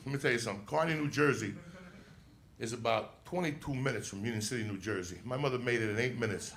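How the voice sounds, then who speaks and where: Gravelly, shouting stand-up comedian. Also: male voice, a little high. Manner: loud, profane, often shouting. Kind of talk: stand-up storytelling. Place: comedy club stage. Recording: roomy club recording with crowd laughter. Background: audience laughter and room noise.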